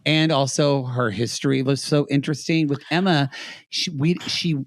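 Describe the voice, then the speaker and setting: A man co-hosting a podcast, chatting casually through a recap and acting out quotes in high put-on voices. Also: normal speed, dry recording. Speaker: podcast co-host.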